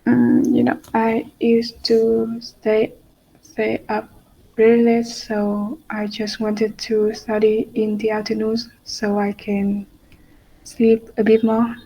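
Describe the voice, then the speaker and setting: A woman's voice: a little high, monotone, takes it slowly, gravelly, warm tone, low-quality recording. A young woman practicing answers for a speaking test, hesitant and restarting as she goes. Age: young adult.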